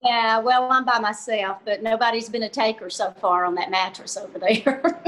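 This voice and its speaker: This is an older woman with a Southern American accent, talking on a video call as a comedian guest. Her voice sits a little high, and she tells folksy stories with frequent laughter in an easy, casual way. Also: normal speed, a bit bright, slight background noise. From Southern US, Georgia. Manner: folksy, laughs often, storytelling. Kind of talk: casual interview chat.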